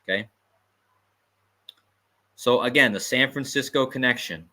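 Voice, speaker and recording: Bright-voiced man hosting a livestream. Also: mid-range voice, a little slow. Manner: conspiratorial, emphatic, repeats points, chuckles. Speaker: host. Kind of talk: livestream commentary.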